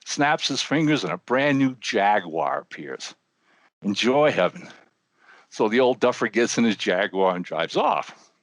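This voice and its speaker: An older man co-hosting a podcast, telling a long joke with animated voices for the characters. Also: lowish voice, normal speed, dry recording. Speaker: podcast co-host. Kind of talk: telling a joke, casual chat.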